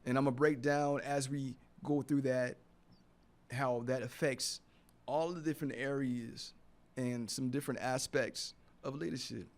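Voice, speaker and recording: A man's voice: mid-range voice, steady tone, unhurried. A man hosting a motivational radio talk show, speaking earnestly and from the heart, repeating phrases for emphasis in a studio.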